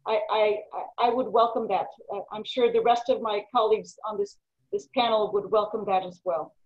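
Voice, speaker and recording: A woman's voice: medium pitch, steady tone, moderate pace. A woman elected official making firm panel remarks over a video call. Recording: dull lo-fi video call audio.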